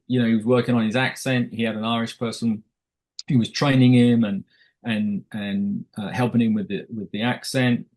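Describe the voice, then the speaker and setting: A man's voice: mid-range voice, a little mellow, low-quality recording. Rambling middle-aged male film director. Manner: rambling, many restarts and quoted asides. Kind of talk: casual interview chat.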